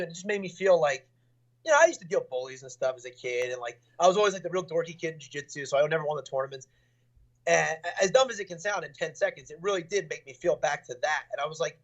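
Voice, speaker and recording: A man's voice: a little high, animated, racing, dull audio. A young adult man, a fighter, talking casually in an interview, rambling with lots of fillers and restarts.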